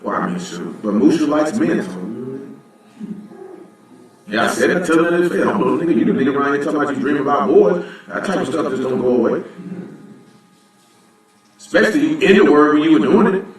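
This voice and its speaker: A man's voice: on the high side, expressive, a little fast, long pauses. A man gives informal, blunt Bible teaching, talking conversationally and often asking "you know what I'm saying". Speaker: teacher at a religious assembly. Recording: very echoey room, voice from a distance.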